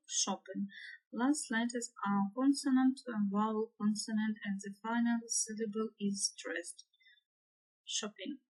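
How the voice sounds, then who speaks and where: Slow, hesitant woman teaching grammar. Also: medium pitch, a little mellow, low-quality recording. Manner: hesitant, many fillers and restarts. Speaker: English teacher. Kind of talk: grammar lesson.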